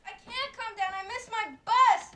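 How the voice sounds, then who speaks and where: A young woman playing an earnest, anxious student who pleads and talks in quick, flustered bursts. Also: very high-pitched, bright, forceful tone, slight background noise. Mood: frantic. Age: young adult. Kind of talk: TV comedy-drama acting.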